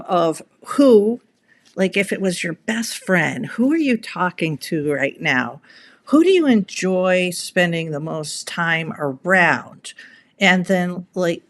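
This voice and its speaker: A middle-aged woman in a casual live video, talking in a chatty, rambling way with lots of restarts and fillers. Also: on the low side. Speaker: content creator. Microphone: camera mic.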